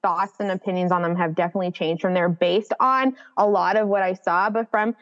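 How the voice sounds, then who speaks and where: A woman's voice: lowish voice, steady tone, a little fast, a bit bright. A woman dog trainer in casual podcast chat, explaining her views at length with fillers. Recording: dull, reverberant recording.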